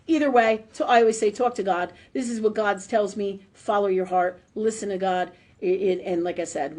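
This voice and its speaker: Middle-aged woman, spiritual medium hosting a live show. Casual and emotional, rambling, blunt with some swearing. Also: mid-range voice. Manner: emotional, warm-hearted, rambling with many fillers and restarts. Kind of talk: casual live-stream readings for viewers.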